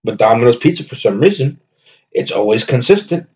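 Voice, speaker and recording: A man's voice: mid-range voice, big pitch swings, fairly quick, darkish tone, lo-fi sound. A man hosting a solo comedy podcast, rambling and joking with lots of profanity. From New Jersey. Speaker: podcast host. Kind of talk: casual comedy monologue.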